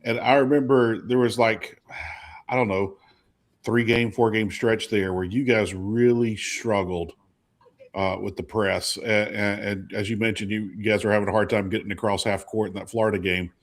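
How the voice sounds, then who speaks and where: A man with a fairly low voice hosts a sports interview show. He asks long, winding questions and jokes with his guest in an animated way. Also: normal speed. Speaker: host, sports reporter.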